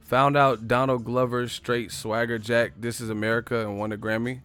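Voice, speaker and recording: A man's voice: mid-range voice, level tone, moderate pace, fairly bright tone, clear, resonant tone, faint music behind. A man hosting a livestream, ranting in a brash, profane, casual way and laughing often. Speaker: livestream host.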